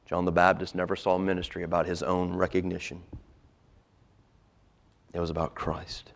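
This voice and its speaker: A male pastor preaching a sermon, swinging from loud emphasis to hushed, whispered lines. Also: sits low, completely flat delivery, moderate pace, creaky.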